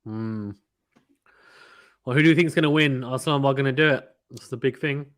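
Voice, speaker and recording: A man from the United Kingdom hosting a casual live cricket watchalong, reading viewer comments aloud and getting excited at big shots. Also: mid-range voice, fairly quick. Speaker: host reading live chat.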